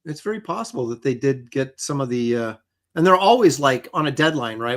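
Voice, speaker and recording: A man's voice: medium pitch, animated, a little fast. A man co-hosting a livestream, chatting casually and rambling through his points while quoting dialogue. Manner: rambling, restarts often, quotes dialogue. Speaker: podcast co-host.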